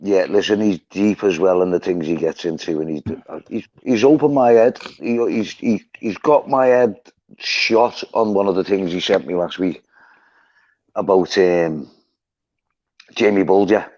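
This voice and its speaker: Scouse guy chatting on a phone, low voice, kinda muffled and dry. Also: measured pace, a little mellow, no room sound. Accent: Liverpool. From Liverpool, England. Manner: chatty, rambling storyteller who laughs often. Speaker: live stream host. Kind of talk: casual chat.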